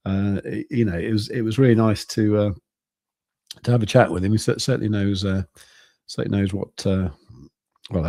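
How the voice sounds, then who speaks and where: Male host, fifties, deep mellow voice, meandering live-stream chat. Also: dry recording, studio quality. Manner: rambling, halting, with many restarts and fillers. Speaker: crypto trading channel host.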